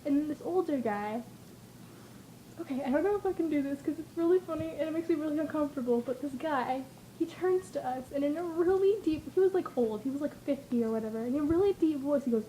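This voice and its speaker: A woman's voice: high-pitched, lively intonation, fast talker, dark tone, a little hiss or hum, rough recording. A woman vlogging in a casual, rambling way, giggling and acting out her own reactions as she tells stories. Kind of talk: casual chatty vlog storytelling.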